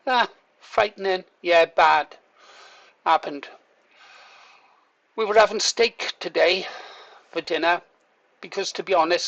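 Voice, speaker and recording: A man's voice: on the high side, vocal fry, a bit bright, dull audio. An older man, a vlogger, telling a story in a chatty way, laughing through it and swearing now and then. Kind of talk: casual storytelling to camera.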